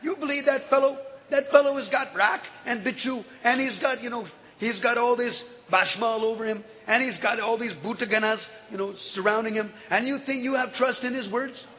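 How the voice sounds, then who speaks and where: A man's voice: extremely high pitch, moderate pace, few pauses, bright, forceful tone, voice pushed up. A man voicing a sly male god disguised as a holy man, who talks in a mocking, persuasive way. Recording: echoey hall.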